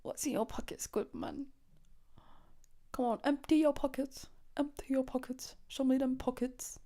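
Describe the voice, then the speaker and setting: A woman's voice: sits high, fairly even intonation, normal speed, mellow, lightly acted. A woman putting on a pushy young man who demands someone empty their pockets, repeating his orders.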